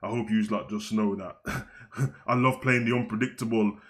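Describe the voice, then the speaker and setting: A man's voice: fairly low pitch, fairly even intonation, normal speed, pitched below the performer's own voice, natural voice. A man doing a mocking, rambling take on an undead wrestler thanking his fans.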